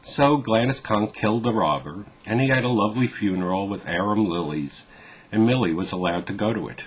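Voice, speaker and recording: Deep-voiced man reading a children's story. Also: husky, dull audio. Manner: gentle, measured storybook narration.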